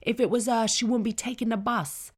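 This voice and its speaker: A woman's voice: on the high side, steady tone, fairly quick, husky, voice pushed up. A woman doing a brash slangy teenage boy. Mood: cocky. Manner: slangy, brash, sing-song. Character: cocky teenage boy gossiping on a bus.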